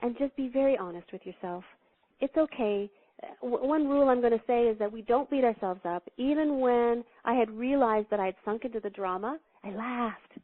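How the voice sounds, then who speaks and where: A woman spiritual teacher telling stories as an interview guest, animated and laughing, acting out the quotes she tells. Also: fairly high pitch, normal speed, dry recording. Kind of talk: storytelling spiritual talk. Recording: thin phone-line sound, dry.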